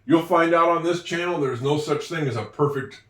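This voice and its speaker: A man's voice: fairly high pitch, moderate pace, fairly bright tone, far from the mic. A man giving a patient, step-by-step handwriting lesson, with a few self-deprecating asides. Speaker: teacher. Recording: echoey room, voice a bit off-mic.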